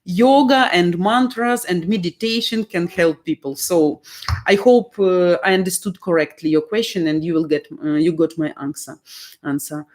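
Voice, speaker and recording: A woman's voice: on the low side, normal speed, darkish tone. A woman from Ukraine with a Ukrainian accent, a dating coach chatting through viewer questions on a live stream and explaining things step by step with fillers.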